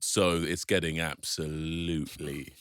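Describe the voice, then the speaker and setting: A man with an extremely deep, low voice talks in a laid-back, casual way as a podcast co-host, often chipping in short agreements. The recording is dry and close-miked. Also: steady tone, a little slow, a bit bright, no room sound.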